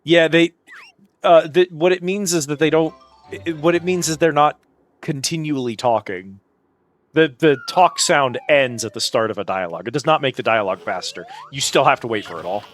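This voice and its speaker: Man, game streamer, sarcastic jokes, swears a lot, fairly high voice. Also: normal speed. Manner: sarcastic, joking, swears freely. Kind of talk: casual gameplay commentary.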